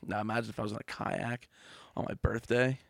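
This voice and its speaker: A man's voice: fairly low pitch, fairly even intonation, brisk, vocal fry, no room sound, studio quality. A young man hosting a casual podcast, asking eager questions and often repeating words as he talks. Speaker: podcast host. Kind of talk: casual chat.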